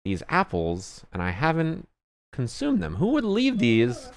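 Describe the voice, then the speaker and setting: A dazed, spaced-out man drawls in slow, stiffly formal phrases, as a male storyteller puts him on. The voice sits higher than normal and sounds a little distant. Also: huge pitch swings. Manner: slow, drawn-out, oddly formal.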